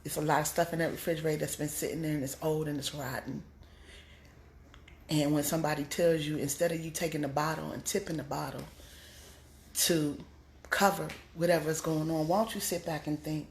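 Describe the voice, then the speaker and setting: A woman comedian giving a blunt, scolding motivational talk, pushing her voice up high to drive points home. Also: steady tone, fairly quick, echoey room, slight background noise. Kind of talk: preachy motivational monologue.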